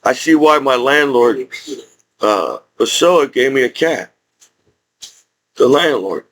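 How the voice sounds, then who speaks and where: A man's voice: mid-range voice, expressive, takes it slowly, a bit bright, poor audio. A man with a speech impediment, a disabled combat veteran, ranting to camera in an angry, profane, rambling way with many restarts. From United States. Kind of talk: unscripted rant to camera.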